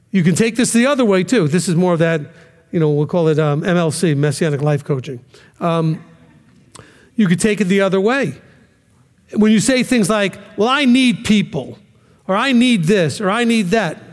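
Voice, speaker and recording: A man's voice: fairly high pitch, darkish tone, in a large hall. A man teaching a ministry class in a conversational sermon style, often checking in with "okay?" and acting out quoted voices.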